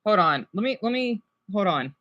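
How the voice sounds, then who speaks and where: A woman's voice: medium pitch, big pitch swings, moderate pace, a bit bright, highs cut off. A woman streaming live and chatting casually with her viewers.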